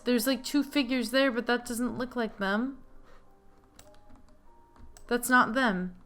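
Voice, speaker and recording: A young woman giving casual let's play commentary, chatty and excitable, reading game lines aloud. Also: a little high, slow pace, long pauses, soft background music. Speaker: gaming video host.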